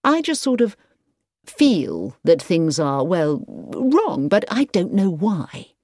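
A woman's voice: fairly low pitch, sing-song, slow, a little mellow, dry recording, clean studio sound, full character voice. A woman reading as an earnest young man in love. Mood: unsure.

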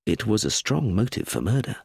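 Husky, expressive audiobook narrator. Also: male voice, on the low side, a little fast, no room sound, studio quality. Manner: first-person storytelling, expressive.

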